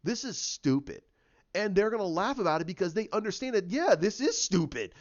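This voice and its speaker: A man's voice: high-pitched, expressive, fast talker. Opinionated man ranting, lo-fi. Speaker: YouTuber. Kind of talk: casual opinion vlog. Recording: dull lo-fi recording.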